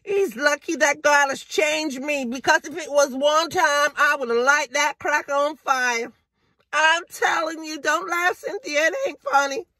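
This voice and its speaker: Woman acting as a furious caller, high-pitched, slow-spoken, profane, indignant, dry close sound. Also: bright, forceful tone, no room sound. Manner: indignant, profane, ranting on the phone. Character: fed-up working woman, loud and profane. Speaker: caller venting to a friend. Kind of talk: low-budget drama monologue.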